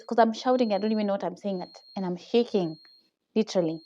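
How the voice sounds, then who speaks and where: Talking fast in a medium-pitched, dark voice, the young Kenyan-accented woman tells a personal story in her casual vlog, full of animation, frequent laughter and "okay?" tags. The phone-camera sound is lo-fi.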